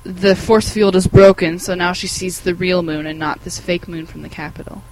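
A podcast co-host thinks out loud, hesitant and full of small hedges. The voice sits in an ordinary middle range. A faint hiss runs under the recording. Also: mid-range voice, fairly even intonation, normal speed, poor audio. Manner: hesitant, thinking aloud, laughs often. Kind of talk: casual podcast chat.

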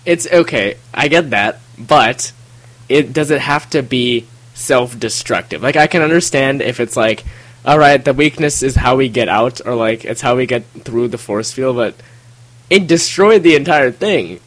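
A man's voice: mid-range voice, expressive, moderate pace, fairly bright tone, poor audio. A man co-hosting a casual book discussion, asking questions and thinking aloud. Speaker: podcast co-host.

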